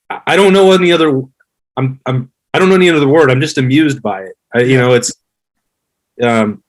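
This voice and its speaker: A man in his thirties, a guest on a sports podcast, giving measured, analytical views in casual chat. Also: mid-range voice, low-quality recording. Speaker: podcast guest, former player.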